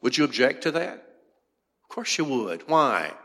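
A man's voice: mid-range voice, big pitch swings, measured pace, a bit bright. A man preaching a sermon from a church pulpit, pressing his points with repeated rhetorical questions. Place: church sanctuary. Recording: long hall reverb.

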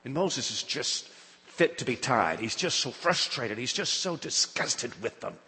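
A man's voice: medium pitch, sing-song, a little slow. Man, sermon, preacher, dramatic retelling, long hall echo. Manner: dramatic retelling, acts out quoted speech with rising loudness.

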